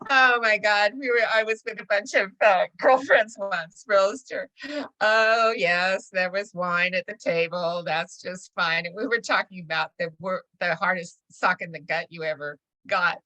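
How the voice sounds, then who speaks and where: A woman's voice: mid-range voice, a little slow, pushed and bright, dry recording, rough recording. A middle-aged woman teaching a real estate course in a casual, chatty way, often laughing as she tells stories. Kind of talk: casual classroom lecture.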